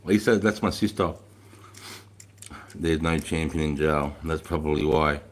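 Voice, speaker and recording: A middle-aged man with a deep, low-pitched voice talks casually to his livestream viewers. He rambles, swears a lot and laughs easily as he answers their comments. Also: measured pace. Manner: profane, rambling, laughs often. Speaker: livestream host.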